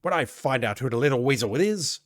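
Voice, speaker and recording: A man's voice: mid-range voice, animated, fast talker, no room sound, studio quality, natural voice. A man voicing a furious middle-aged police sergeant in an old adventure game, blustering out threats in a raised voice.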